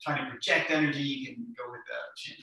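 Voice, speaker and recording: A man casually adding quick, relaxed asides beside a yoga teacher. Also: mid-range voice, vocal fry. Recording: roomy echo, mic at a distance.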